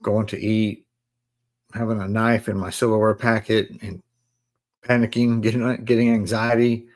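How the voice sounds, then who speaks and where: A man in his forties casually telling listeners his life story on a live stream, in relaxed slang. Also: lowish voice, moderate pace. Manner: relaxed street slang, addresses listeners as bro. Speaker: live stream host sharing his testimony.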